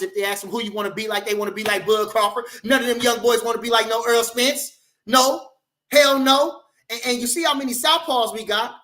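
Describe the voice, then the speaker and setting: On a boxing channel livestream, a high-voiced man reads the chat and trash-talks loudly and profanely, dropping "you know" again and again in his rant.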